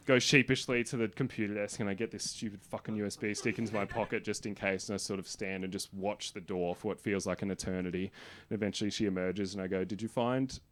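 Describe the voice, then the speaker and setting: A young man doing stand-up, telling a long story on a comedy club stage and bursting into loud exasperated asides. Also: on the low side, noisy background.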